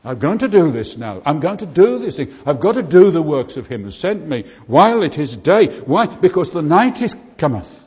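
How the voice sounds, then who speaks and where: A man's voice: a little high, big pitch swings, moderate pace, hardly any pauses, a little mellow, breathy edge. Earnest older man preaching in a hall. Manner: earnest, repetitive emphatic preaching. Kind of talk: sermon. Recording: muffled hall recording with long reverb.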